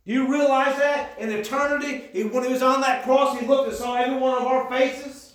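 A man preaching a sermon, building into shouted emphasis. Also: very high-pitched, fairly even intonation, a little fast. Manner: impassioned, rising to shouts. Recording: echoey church room.

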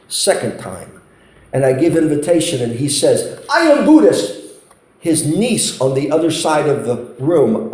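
Preacher, man, somewhat high voice, impassioned sermon storytelling, roomy hall. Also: a little mellow. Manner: impassioned storytelling with pleading emphasis.

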